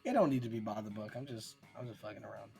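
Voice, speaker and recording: A man's voice: fairly low pitch, quick pace, gravelly, darkish tone, soft background music. A man streaming a game with friends, casually taking charge and calling turns. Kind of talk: casual gaming chat.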